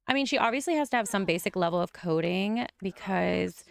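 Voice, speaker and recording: A young woman commenting on her life-simulation game, gushing and often breaking into excited squeals. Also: medium pitch, a little fast, creaky, few pauses, no echo, clean studio sound. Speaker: gaming YouTuber.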